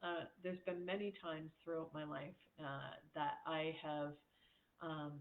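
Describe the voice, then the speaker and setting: A woman's voice: low voice, steady tone, measured pace, slight background noise. A woman life coach giving a casual motivational talk, speaking candidly, laughing often and mimicking voices when she quotes people. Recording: echoey room over a tinny phone-like line.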